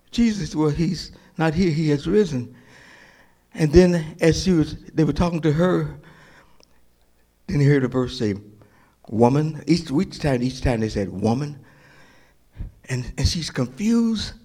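A male pastor preaching a sermon, retelling scripture, swinging from loud emphasis to hushed whispers and often repeating and restarting phrases. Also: on the high side.

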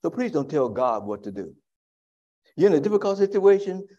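Preaching pastor with a mellow voice. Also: male voice, big pitch swings, brisk, muffled recording. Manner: rises to loud high preaching, drops to soft reflective asides. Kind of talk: sermon.

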